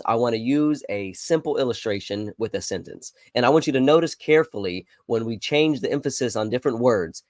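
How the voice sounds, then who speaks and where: A man's voice: fairly low pitch, no echo, clean studio sound. Earnest man hosting a devotional podcast. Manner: earnest, encouraging, emphatic on key words. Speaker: podcast host.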